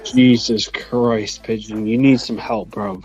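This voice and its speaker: A man's voice: fairly low pitch, level tone, darkish tone, lo-fi sound, soft background music. Crude man on a stream. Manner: crude, provoking, drawn-out jabs. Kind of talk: casual chat.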